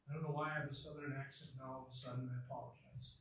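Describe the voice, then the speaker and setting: A man's voice: mid-range voice, little pitch movement, very fast, creaky, fairly bright tone. A man preaching a sermon as pastor, reading scripture aloud with earnest emphasis. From United States. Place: church sanctuary. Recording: echoey church hall from far off.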